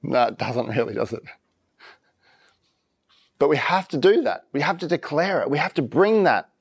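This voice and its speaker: A pastor preaching a conversational sermon, reading scripture slowly and with emphasis. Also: male voice, fairly high pitch, lively intonation, vocal fry, slightly rough.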